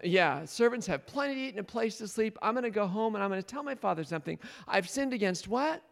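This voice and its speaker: A man's voice: high-pitched, lively intonation, quick pace, vocal fry. A man leading a Bible study, retelling a story and questioning his listeners, laughing often. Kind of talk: interactive Bible teaching.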